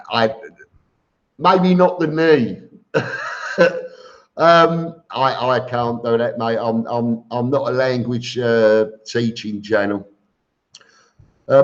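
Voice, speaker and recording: Over dull, lo-fi stream audio, a man with a mid-range voice speaks slowly as he hosts a casual live stream, reading out viewer comments and chuckling as he answers them.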